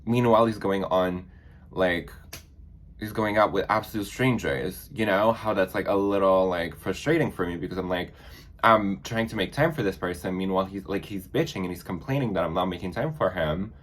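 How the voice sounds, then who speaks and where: A man's voice: low-pitched, moderate pace. A man chatting casually in a sassy, dramatic storytime vlog, full of fillers. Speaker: vlogger.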